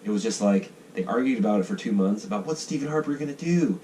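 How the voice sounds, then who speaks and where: A man from the United States talks in a loose, rambling monologue, swearing freely and slipping into mock voices. His voice sits low and dark. He is picked up from a distance, with faint noise behind. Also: expressive, quick pace. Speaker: vlogger sketching ideas.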